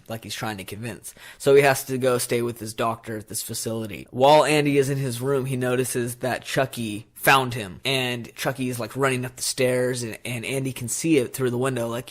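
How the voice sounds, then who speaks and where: A young man co-hosts a casual podcast, retelling film scenes with animated energy. His voice sits at an average pitch, and he keeps breaking into quick acted-out quotes. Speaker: podcast co-host. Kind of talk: casual chat.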